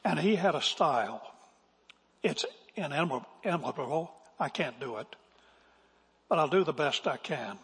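A man's voice: fairly high pitch, lively intonation, measured pace, pauses often, fairly bright tone, slightly rough. A male pastor giving an earnest, emphatic sermon, now and then acting out quotes. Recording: long reverb of a large hall.

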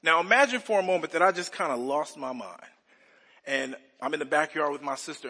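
Speaking with a bright, somewhat husky, fairly high voice, a male pastor preaches an earnest expository sermon filled with rhetorical questions. A large church sanctuary gives the sound a long reverb.

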